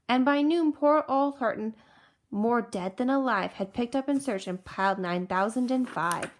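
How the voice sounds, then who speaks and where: A woman teacher reading a rhyming picture book aloud in a rhythmic, expressive way. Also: a little high, normal speed. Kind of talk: storybook read-aloud.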